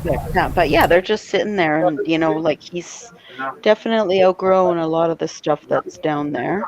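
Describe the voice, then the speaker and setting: A woman's voice: low voice, moderate pace, a little mellow, poor audio. A middle-aged woman hosting a live art show in casual chat, laughing often.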